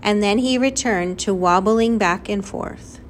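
A woman reading a children's novel aloud as narrator, in a clear, lively storytelling manner. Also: mid-range voice, unhurried, a little hiss or hum. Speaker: audiobook narrator. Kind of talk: scripted narration.

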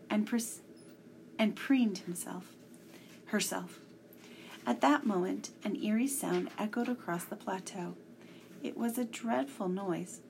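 A woman reading a children's story aloud, slow and deliberate, with small slips along the way. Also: medium pitch, creaky, darkish tone, slight background noise.

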